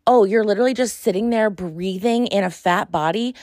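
A young adult woman hosting a podcast, talking in a sassy, exasperated, animated way. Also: on the high side, normal speed, few pauses, dry recording, studio quality. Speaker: podcast host. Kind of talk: casual monologue.

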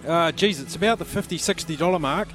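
An Australian man with a fairly high voice hosts a live radio call-in, reading out horses for callers. He raises his voice to be heard from a pub, and faint music runs behind him. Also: fast talker. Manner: raised voice, talking over pub noise. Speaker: radio host.

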